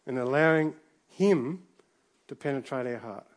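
A middle-aged man preaching a sermon in a relaxed, conversational way, full of restarts and asides. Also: mid-range voice, unhurried. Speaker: pastor.

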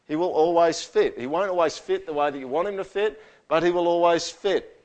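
Through a stage mic and sound system, in a church hall with live acoustics, a pastor delivers a brisk sermon to his congregation. He shifts between near-whispers and booming scripture quotes, often calling for the room's agreement.

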